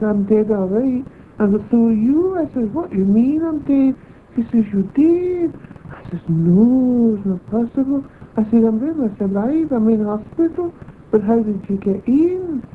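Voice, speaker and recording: A woman tells her story at an unhurried pace, slipping into the voices of the people she remembers. Her voice sits fairly high, and the recording is tinny and phone-like, with a faint hiss underneath. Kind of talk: recounting a personal experience. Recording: tinny phone-like old tape.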